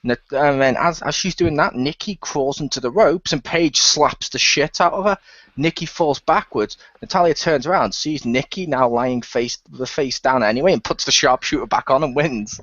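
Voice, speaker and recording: A man's voice: medium pitch, normal speed, no room sound, highs cut off. A man on a podcast retelling a week of wrestling in casual chat, acting out the lines he quotes. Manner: animated retelling, quoting wrestlers in dialogue. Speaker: podcast co-host recapping wrestling.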